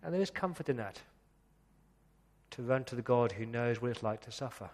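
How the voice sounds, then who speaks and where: A man preaching a sermon as pastor, earnest, slowing down to read scripture passages aloud. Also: medium pitch, lively intonation, darkish tone, big-room sound. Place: church.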